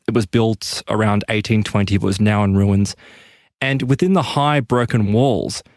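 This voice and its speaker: Recorded cleanly in a studio with no echo, a male podcast host narrates a spooky tale. His delivery is dramatic, punctuated by emphatic rises in pitch.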